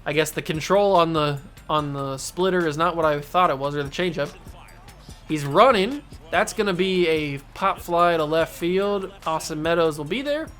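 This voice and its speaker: Excitable man calling his own game. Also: on the high side, normal speed, soft background music. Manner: excitable play-by-play, talks to himself and the game. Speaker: gaming channel host. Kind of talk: let's play commentary.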